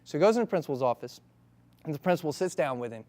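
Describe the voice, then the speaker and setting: A man telling a comic story in a casual, brisk, conversational way. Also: on the high side, animated, noisy background.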